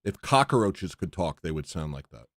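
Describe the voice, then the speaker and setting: Low-voiced blunt male streamer. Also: big pitch swings, moderate pace, very noisy. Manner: blunt, indignant, rambling. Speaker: livestream host. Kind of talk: casual livestream chat.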